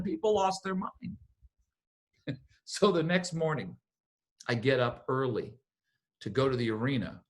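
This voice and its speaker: A man coaching a business team, giving a motivational talk and telling stories in an animated way. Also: mid-range voice. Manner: animated storyteller, acts out what others said.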